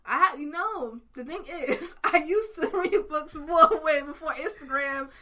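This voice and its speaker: A woman's voice: high-pitched, measured pace, bright, forceful tone. A young woman chatting as a guest on a casual podcast, laughing often and swearing freely in loose slang.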